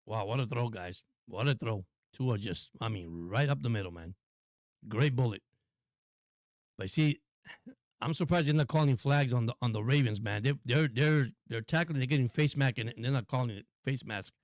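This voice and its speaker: A man hosting a live stream and calling football play-by-play in an excitable, repetitive way, often addressing viewers. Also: medium pitch, moderate pace, no echo. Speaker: host and play-by-play caller.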